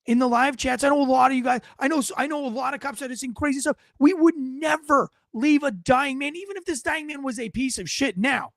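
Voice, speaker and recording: A man's voice: very high-pitched, brisk, hardly any pauses, a bit bright, no echo, clean studio sound. A middle-aged man, a former police officer, giving blunt, profane and indignant video commentary.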